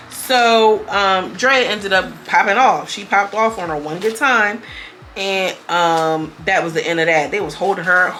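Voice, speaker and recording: A young woman reviewing a reality TV episode in casual, blunt, profane commentary, switching between storytelling and quick quoted voices. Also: mid-range voice, bright, forceful tone, a little hiss or hum.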